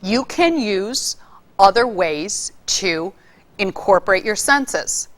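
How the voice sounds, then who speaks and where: Woman, speaking coach, lively, playful emphasis, mid-pitched voice. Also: slow pace. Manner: lively, demonstrates vocal delivery with varied emphasis. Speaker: public speaking instructor. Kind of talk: casual spoken lesson.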